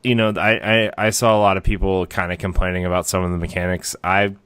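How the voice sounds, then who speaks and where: A man's voice: low-pitched, fairly even intonation, fast talker, a bit bright, clear, resonant tone, dry recording. A man co-hosting a gaming podcast, talking casually with hesitant, rambling starts and fillers. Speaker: podcast co-host.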